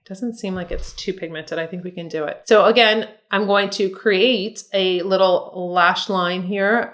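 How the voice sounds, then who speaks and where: A middle-aged woman walks through her makeup routine in a loose, chatty way. She is a makeup artist who keeps encouraging her viewers, addressing them as ladies. Her voice sits close to the camera mic. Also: fairly low pitch. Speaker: makeup artist and beauty vlogger. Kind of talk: casual makeup tutorial talk.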